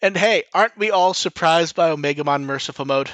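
A man's voice: on the high side, fairly quick, a bit bright, dry recording, muffled recording. A man hosting a podcast in loose casual chat, full of "like", restarts and the odd swear. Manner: rambling, frequent 'like' and restarts, swears casually. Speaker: podcast host.

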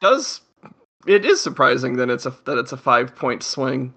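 A man co-hosting a podcast in casual chat, measured and hedging. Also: medium pitch, big pitch swings, a bit bright, breathy edge.

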